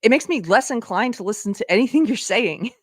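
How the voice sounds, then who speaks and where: A woman's voice: fairly high pitch, expressive, fairly quick, no echo, clean studio sound. A woman hosting a live online commentary show, talking in an impassioned way that climbs into exasperated outbursts. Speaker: show host.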